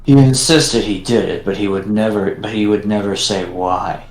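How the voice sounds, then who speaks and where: A man reading game dialogue aloud in a measured, slightly formal way for a casual fan dub. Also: lowish voice, steady tone, darkish tone. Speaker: player voicing game dialogue. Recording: echoey room with game music.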